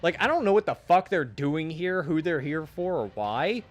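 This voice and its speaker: A man's voice: fairly high pitch, expressive, moderate pace. A man streaming a game and chatting casually, retelling a story in a rambling, profane way full of restarts. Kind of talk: casual chat while gaming.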